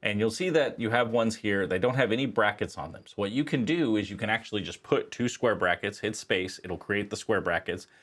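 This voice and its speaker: A man teaching statistics, walking through a software tutorial in a casual, conversational way with frequent fillers. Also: lowish voice, a little fast, hardly any pauses. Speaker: statistics instructor. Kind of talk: screen-recorded software tutorial.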